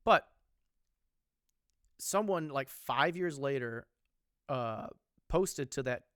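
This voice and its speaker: Man, podcast co-host, casual chat, rambling, swearing, smooth clear voice, dry close sound. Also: medium pitch, animated, slow, fairly bright tone, no echo. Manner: rambling, profane, lots of ums and restarts.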